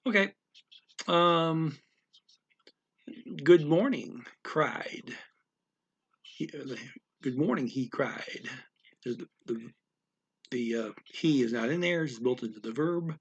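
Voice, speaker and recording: Male lesson host, slow and halting, husky tone. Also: fairly high pitch, animated, highs cut off. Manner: halting, thinking aloud, many fillers and restarts. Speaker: language learner explaining a lesson. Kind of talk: casual spoken language lesson.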